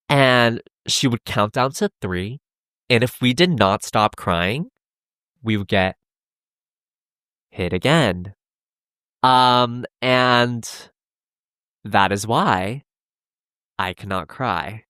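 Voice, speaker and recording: A young adult man hosting a solo podcast, talking earnestly in a halting way with many restarts and fillers. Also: mid-range voice, fairly bright tone, dry recording, clean studio sound. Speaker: podcast host. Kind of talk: solo confessional podcast talk.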